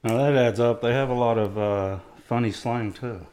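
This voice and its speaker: A man's voice: medium pitch, moderate pace, a little mellow. A man chiming in with crude jokes during casual podcast chat. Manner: crude joking banter.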